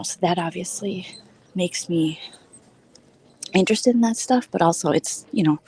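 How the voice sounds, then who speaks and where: Walking through a large store on a live stream, this vlogger host, a woman in her forties from Minnesota, keeps up casual chatter and frequently hushes almost to a whisper. She has a fairly low, husky voice.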